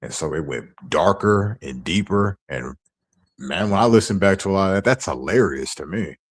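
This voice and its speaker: A man's voice: sits low, expressive, normal speed, husky. A man ranting on his stream, heated and profane as he tells his side of a feud. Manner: angry, profane storytelling.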